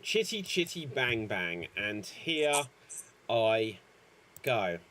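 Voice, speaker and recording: A man hosting a comedy improv show, announcing rounds in a dry, unhurried way. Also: mid-range voice, big pitch swings, a bit bright.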